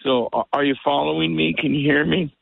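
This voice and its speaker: A man's voice: on the high side, brisk, creaky, no echo. An older man, a musician guest, telling a rambling story over the phone and acting out what people said. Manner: rambling, animated storyteller who acts out quotes. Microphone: telephone. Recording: tinny phone line, dry.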